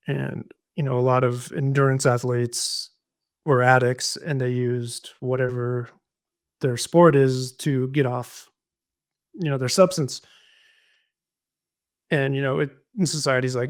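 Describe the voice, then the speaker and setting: A man who is a guest on a recovery podcast, talking through his experience in a relaxed, reflective way, with many fillers and restarts. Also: medium pitch, a little slow, long pauses. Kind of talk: casual conversational storytelling.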